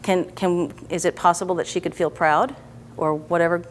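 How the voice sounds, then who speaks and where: A woman practitioner guiding a client through a therapy session, asking gentle, coaxing questions and checking in often. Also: fairly low pitch, fairly even intonation, moderate pace, slight background noise. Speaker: EFT practitioner.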